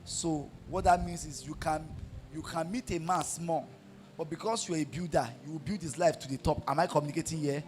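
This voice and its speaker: A man's voice: a little high, a little fast, a little hiss or hum. A man preaching a sermon in an emphatic, repetitive style and calling out questions to his congregation. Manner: emphatic, repetitive, call-and-response.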